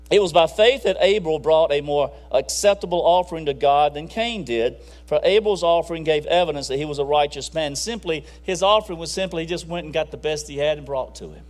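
A man preaching a conversational, folksy sermon with bursts of emphasis. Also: high-pitched.

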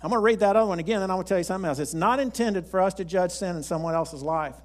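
A man with a slightly raised pitch delivers a sermon. He tells stories in a folksy, rambling way, often restarting his sentences. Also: racing. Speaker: pastor. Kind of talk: sermon with storytelling.

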